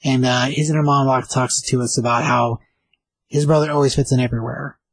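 A man retelling a comic story in a loose, rambling way, full of ums and uhs. His voice is slightly husky and plain in pitch. The sound is dry and close, with no room around it. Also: fairly even intonation, no room sound, poor audio. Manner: rambling, filler-heavy retelling with quick voices. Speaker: comic book reviewer. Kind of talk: casual comic recap.

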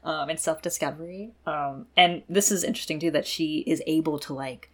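A woman's voice: low-pitched, steady tone, brisk, a bit bright. A young woman co-hosting a podcast, recapping a show in casual chat, with lots of "like" and "um". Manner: chatty, laughs often, many fillers like "like" and "um". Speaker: podcast co-host.

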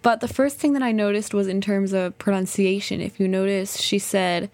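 A woman's voice: mid-range voice, steady tone, normal speed, hardly any pauses, a little mellow, dry recording. A woman hosting a podcast, chatting casually and enthusiastically as she explains pronunciation. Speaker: podcast host.

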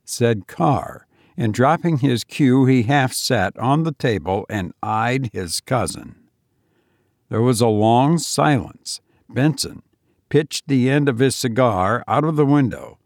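A man narrating a story in a measured reading. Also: mid-range voice, animated, creaky, a little mellow, no echo, clean studio sound. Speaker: audiobook reader. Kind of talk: scripted narration.

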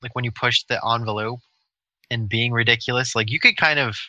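A man co-hosting a casual chat podcast, rambling with lots of filler words. His voice is very bright and forceful, recorded in a dry, close sound with no room echo. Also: medium pitch, a little fast, dull audio. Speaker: co-host.

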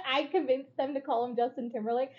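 A woman's voice: high-pitched, steady tone, brisk, crowd noise. A woman co-hosting a casual podcast chat, laughing often, swearing freely and acting out what people said. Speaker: podcast co-host. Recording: dull lo-fi recording.

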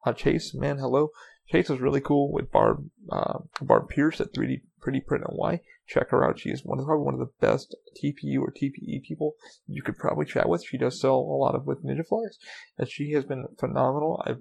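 A man's voice: medium pitch, flat delivery, fairly quick, creaky, darkish tone, husky. A man hosting his own podcast, rambling through a solo monologue, swearing constantly and speaking from the heart. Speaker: podcast host.

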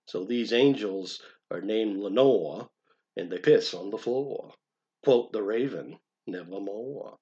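A man's voice: lowish voice, expressive, a little slow, a little mellow, highs cut off. A man with a Maine accent giving a comic dramatic poetry reading, switching between overblown recitation and crude asides. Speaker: poetry reader.

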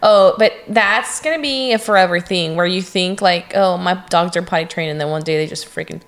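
A woman co-hosting a podcast in casual chat, talkative and quick to jump in with her opinions. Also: fairly low pitch. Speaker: podcast co-host.

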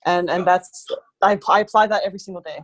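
A woman's voice: fairly low pitch, fairly even intonation, quick pace. A woman who works in pest control, chatting casually as an interview guest, rambling with many fillers.

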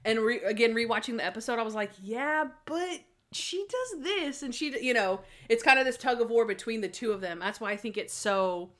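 Animated woman recapping an episode. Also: on the high side, fast talker, hardly any pauses. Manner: animated, acts out characters' lines in quoted voices. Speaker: podcast co-host. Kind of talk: casual chat reviewing a TV episode.

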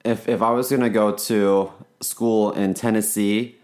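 A young man talks in relaxed podcast banter, stopping and restarting as he works out his thoughts. His humor is dry, and his voice sits fairly low. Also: measured pace. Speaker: podcast co-host.

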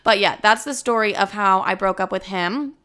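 A young woman talks straight to her own camera in a loose, chatty storytime vlog. Her voice is smooth and clear, sitting at an ordinary middle pitch. She swears freely and leans on "like" as she rattles through the tale. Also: normal speed. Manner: profane, animated retelling with lots of "like". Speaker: vlogger.

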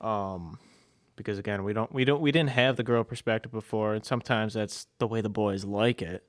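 A man with a somewhat low voice hosts a casual podcast. He talks loosely and hesitantly, with plenty of filler and casual swearing. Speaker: podcast host.

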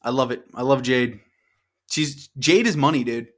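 A young man co-hosting a casual wrestling podcast, swearing freely and getting excited as he talks over his co-host. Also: mid-range voice, moderate pace.

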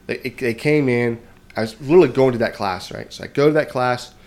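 A man's voice: medium pitch, fairly quick, darkish tone. A man telling a long story in casual podcast chat, rambling and self-mocking, often checking in with "right?".

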